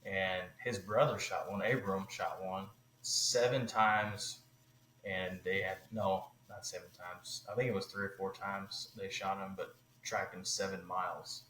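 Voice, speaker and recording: A man telling a hunting story on a podcast, animated and loose, full of "like" and "you know". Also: sits low, a little slow, roomy sound, slight background noise, low-quality recording. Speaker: podcast guest.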